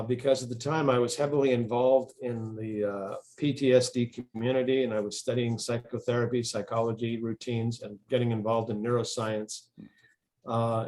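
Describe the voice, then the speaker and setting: A man of middle pitch tells a long story in an interview, wandering from point to point and often restarting his sentences. He sounds like an author talking casually about his work. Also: darkish tone. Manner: rambling storyteller, frequent restarts.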